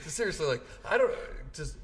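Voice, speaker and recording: A man's voice: very animated, normal speed, slight background noise. Man, radio co-host, eager deal talk, casual chat, distant mic. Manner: enthusiastic, pitches deals eagerly.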